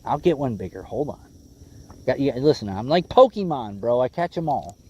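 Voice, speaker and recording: Animated laid-back fishing livestreamer, man. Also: mid-range voice, moderate pace, a little hiss or hum. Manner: laid-back, says "bro" and "bud" a lot. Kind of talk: casual livestream chat while fishing. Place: outdoors on a boat on a lake.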